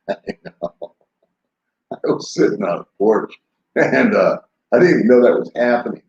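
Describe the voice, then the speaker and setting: This older vlogger responds to his live chat with lively intonation, his fairly low voice carrying a darkish tone as he rambles, laughs a lot and takes his time. It's casual live-stream talk, recorded with a roomy, somewhat dull lo-fi home sound.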